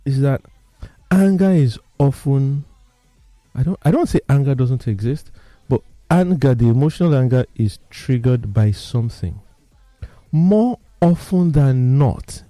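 A man, telling personal stories in casual talk as he explains a topic, animated and emphatic. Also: mid-range voice, no echo. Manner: animated storyteller, lively and emphatic.

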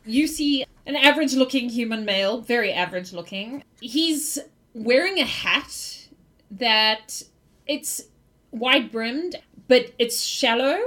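Woman game master narrating a tabletop session; playful, laughs easily, fairly high voice. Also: measured pace. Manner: lively, laughs often.

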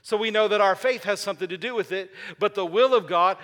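High, bright-voiced preacher in a reverberant hall. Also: male voice, a little fast, few pauses. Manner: call-and-response preaching, asking the congregation questions; repeats key phrases for emphasis. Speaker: pastor. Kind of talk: sermon. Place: church sanctuary. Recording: long reverb of a large hall.

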